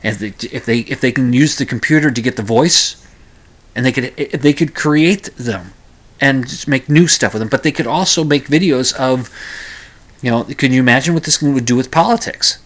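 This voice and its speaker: A man's voice: mid-range voice, moderate pace. Rambling male radio show host. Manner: rambling with frequent restarts. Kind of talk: casual solo podcast monologue.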